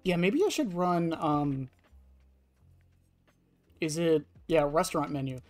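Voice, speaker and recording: A man's voice: on the high side, slow pace, soft background music. A young man streaming a game, rambling casually to his chat with lots of fillers and laughs. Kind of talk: casual gameplay commentary to chat.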